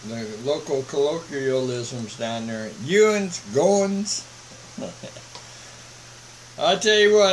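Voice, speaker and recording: A man's voice: a little high, a bit bright, slight background noise, rough recording. A man, a missionary broadcasting a casual monologue from home and checking in with "all right?". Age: 70s. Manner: slow, folksy, repeats "all right?".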